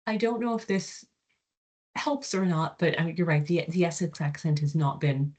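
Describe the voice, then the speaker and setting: A woman's voice: sits low, normal speed, darkish tone. A woman speaking as a guest lecturer in a question session on a video call, thoughtful and hesitant with fillers. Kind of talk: Q&A after an academic talk.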